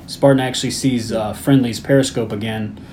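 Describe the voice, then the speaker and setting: A man's voice: mid-range voice, fairly even intonation, fairly quick, a little mellow, a little hiss or hum. A man co-hosting a podcast, casually recapping a movie's plot and swearing now and then. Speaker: podcast co-host.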